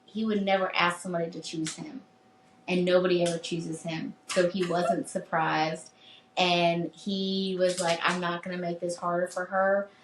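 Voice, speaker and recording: A woman's voice: fairly low pitch, flat delivery, normal speed, echoey room, a little hiss or hum. A married woman co-hosting a casual book review chat, emotionally retelling scenes and swearing. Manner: emotional, swears, acts out characters' lines. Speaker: podcast co-host.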